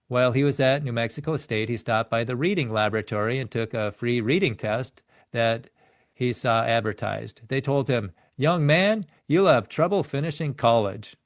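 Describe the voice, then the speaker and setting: A man's voice: medium pitch, no echo, studio quality. A man reading a biography chapter aloud in an earnest way, often stumbling and correcting himself mid-sentence. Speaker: narrator reading a book chapter.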